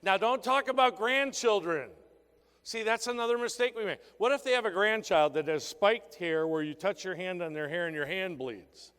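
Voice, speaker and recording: A man's voice: sits high, moderate pace, fairly bright tone, clean tone. A man giving a motivational sales talk to a seminar audience in a conference hall, firing punchy rhetorical questions at the crowd. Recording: long reverb in a large hall.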